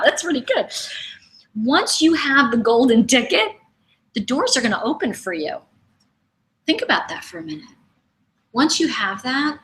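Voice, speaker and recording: A middle-aged woman coaching in a webinar, telling personal stories and asking her listeners questions in a lively, conversational way. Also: on the high side, rough recording. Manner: animated, conversational, asks the audience questions. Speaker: intuition coach. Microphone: webinar microphone.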